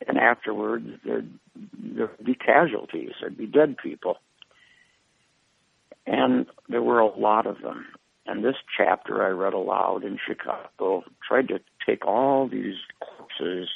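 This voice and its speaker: Gravelly slow-talking older man on a phone line. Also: fairly low pitch, no echo. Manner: slow, halting, reflective storytelling. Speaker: author and guest. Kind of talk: reflective interview conversation. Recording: phone-line quality, dry sound.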